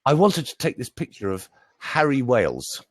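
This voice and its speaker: A man's voice: medium pitch, huge pitch swings, moderate pace, dry recording. A middle-aged British man, a voice coach, chatting in a jokey, show-off way. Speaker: voice coach and speaker. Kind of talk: casual live chat.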